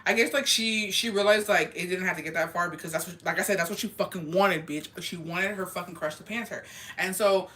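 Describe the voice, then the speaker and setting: A young woman tells a story from her school days in loose, casual chat. Her voice is bright and forceful, and she swears freely and drifts from point to point. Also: on the low side, brisk. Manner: profane, rambling and blunt. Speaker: streamer.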